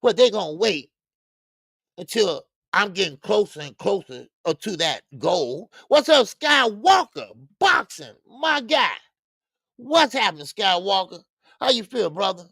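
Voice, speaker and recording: A man hosts a boxing livestream in a slow, slangy, rambling way, greeting viewers in the chat by name. His voice is gravelly and swings widely in pitch, and it sounds dry and close. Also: big pitch swings, bright, forceful tone, no room sound. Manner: rambling with stammered restarts. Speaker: boxing show host. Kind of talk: casual live-stream talk.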